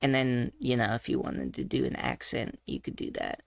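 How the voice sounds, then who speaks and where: A woman's voice: very deep voice, little pitch movement, moderate pace, creaky, few pauses, dry recording, clean studio sound. A woman casually teaching voice training, thinking aloud with asides and self-corrections as she explains. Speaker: voice coach. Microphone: desk mic on a face-tracked avatar setup.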